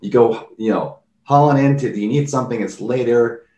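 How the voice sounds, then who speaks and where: A man's voice: medium pitch, moderate pace, echoey room, recorded from a distance. A man talking casually about mindfulness, telling everyday stories and acting out people's reactions. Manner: animated storyteller, acts out quoted reactions. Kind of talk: casual conversational talk.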